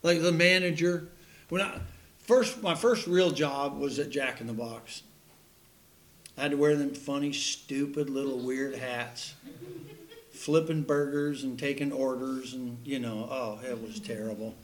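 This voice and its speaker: A man's voice: medium pitch, fairly even intonation, measured pace. A man preaching a sermon in a folksy, joking way, laughing at his own puns and stories.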